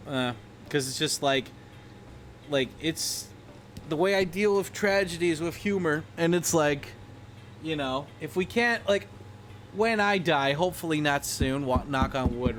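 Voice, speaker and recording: A man's voice: on the high side, a bit bright, a little hiss or hum. A young man from the United States vlogging in a rambling, profane, irreverent way, full of fillers. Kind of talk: casual rambling commentary.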